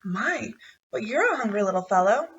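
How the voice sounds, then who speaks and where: A woman voicing a calm, gentle, kind aunt who speaks evenly. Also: on the high side, normal speed, distant mic, highs cut off.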